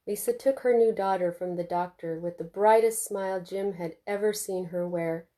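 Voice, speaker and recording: A woman reading her own novel aloud in a steady, expressive way. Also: lowish voice, moderate pace, few pauses. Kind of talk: audiobook narration.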